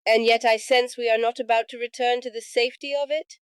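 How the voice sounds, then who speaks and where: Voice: medium pitch, steady tone, brisk, smooth, no echo, studio quality, lightly acted. A voice actor playing a clever female alien time traveller in an audiobook, speaking wryly. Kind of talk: audiobook character voice.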